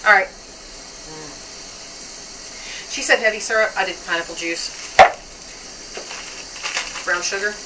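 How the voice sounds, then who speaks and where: A woman's voice: mid-range voice, slow, long pauses, heavy background noise. A woman chatting casually as she cooks, rambling and a little squeamish about raw meat. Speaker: home cook vlogger. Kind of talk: casual cooking chat. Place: home kitchen. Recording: distant mic with kitchen clatter.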